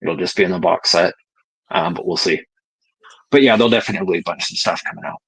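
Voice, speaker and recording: A man's voice: deep voice, fast, vocal fry, fairly bright tone, slightly rough, no room sound, poor audio. A man talking casually and candidly as a guest on a livestream, laid-back and swearing now and then. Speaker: cannabis breeder guest.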